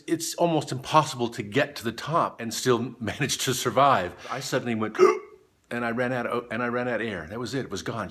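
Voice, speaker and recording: A middle-aged man vlogging, telling a story in an animated way and acting out the people in it. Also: on the low side. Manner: animated storyteller, voices the people in his story, laughs often. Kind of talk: motivational storytelling vlog.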